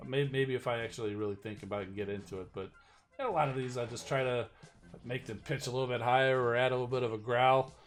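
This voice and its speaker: A man's voice: mid-range voice, fairly even intonation, fast. A man hosting a game live stream, chatting casually in an easygoing, self-deprecating way.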